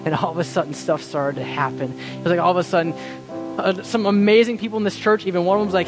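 A man preaching a sermon as pastor, impassioned, swinging between loud pleading and hushed quiet lines. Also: sits high, quick pace, music in the background.

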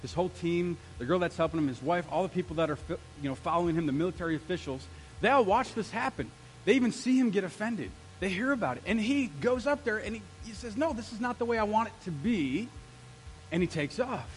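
A male pastor preaching an energetic sermon, throwing questions out to the congregation. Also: sits high, fast talker, a little hiss or hum, poor audio.

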